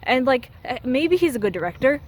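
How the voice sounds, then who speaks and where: A woman's voice: high-pitched, very animated, fairly quick, darkish tone, poor audio. A young woman giving casual critical commentary, ranting with exasperated sarcasm. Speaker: video essayist.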